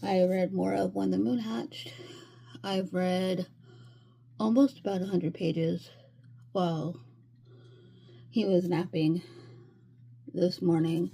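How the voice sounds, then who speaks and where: A woman's voice: fairly low pitch, vocal fry, dark tone, breathy edge. A woman giving casual reading updates in a vlog from home, easygoing and rambling with lots of fillers. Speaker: reading vlogger.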